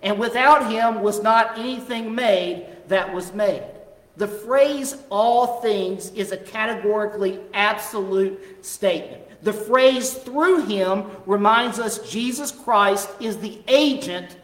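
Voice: medium pitch, slow pace, fairly bright tone. A preacher delivering a sermon, stressing key phrases by repeating them. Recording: echoey hall with long reverb.

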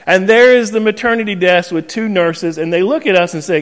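Male pastor, 30s, animated sermon storyteller, self-mocking, slightly high voice, long hall reverb. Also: fairly quick.

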